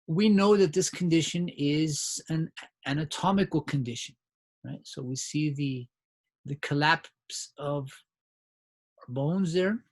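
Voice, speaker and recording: Gravelly-voiced male biology instructor. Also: a little high. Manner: conversational, frequent "right?" check-ins and restarts. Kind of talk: recorded lecture.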